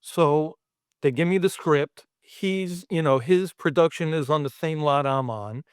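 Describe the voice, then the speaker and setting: A middle-aged man from Brooklyn, guest on a podcast, telling an animated, profane anecdote. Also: fairly high pitch, measured pace, clear, resonant tone, dry recording, clean studio sound. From Brooklyn, New York. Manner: animated, profane storyteller acting out quotes. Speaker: guest, special effects artist. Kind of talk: storytelling anecdote in a podcast interview.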